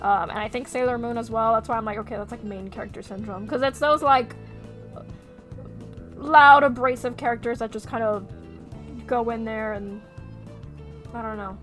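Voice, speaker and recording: A woman streaming as she draws, chatting casually with her viewers, animated and quick to swear. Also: fairly high pitch, music in the background. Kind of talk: casual chat while drawing on stream.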